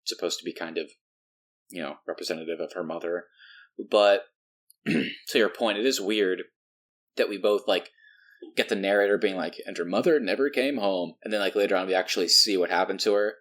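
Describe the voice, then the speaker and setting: A man co-hosting a movie review podcast in casual chat, animated and laughing often, dropping to low mutters. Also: fairly quick, pauses often. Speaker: podcast co-host.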